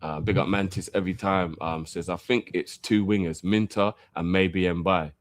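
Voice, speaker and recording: A man hosts a live fan show. He chats, teases the others and reads out viewer messages with lively energy. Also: deep voice, dry recording. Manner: animated, laughing, quick to tease. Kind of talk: casual live-stream banter and reading viewer messages.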